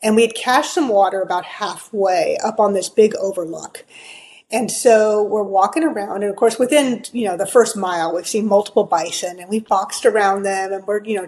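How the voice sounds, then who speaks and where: Over poor-quality audio, a woman with a mid-range, slightly mellow voice tells a story. She's middle-aged and a guest on a podcast, chatting casually, using lots of fillers and performing the quotes she recounts.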